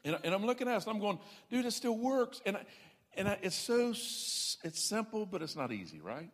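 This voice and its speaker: Man preaching, folksy and emphatic, higher-pitched voice, long hall reverb. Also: sing-song, brisk. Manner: folksy, self-deprecating, emphatic preaching with repeated "I'm telling you". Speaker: pastor. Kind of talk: sermon.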